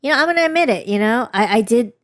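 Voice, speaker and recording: Very fast and lively in intonation, a young woman with a slightly high voice shares a personal story as a podcast co-host. The casual chat is candid and rambling, with many restarts, at studio quality and with no echo.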